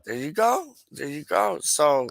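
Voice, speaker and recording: A man hosting a live stream, chatting casually and reading out viewer comments in a slangy, animated way, with frequent laughs and repeated catchphrases. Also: on the high side, a little slow, vocal fry, no room sound, rough recording.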